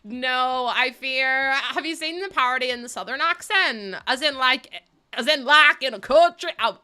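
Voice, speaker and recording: A woman in her thirties streaming from her room at home, chatting to her viewers while she plays, giggly and animated. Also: high voice, moderate pace. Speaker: livestreamer. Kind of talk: casual chat while gaming.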